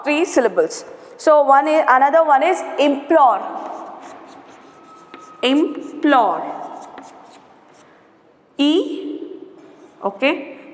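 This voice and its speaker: A woman, teaching a grammar lesson, repeating words and saying "okay" often. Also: high-pitched. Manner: slow, repetitive, spells out syllables, frequent "okay". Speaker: English teacher. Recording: roomy echo with long reverb.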